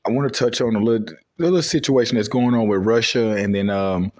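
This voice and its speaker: A man teaching scripture in a loose, conversational way, reading verses slowly and dropping verbs as he talks, with his voice going a bit hoarse. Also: on the low side, a little mellow. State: losing his voice. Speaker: religious teacher.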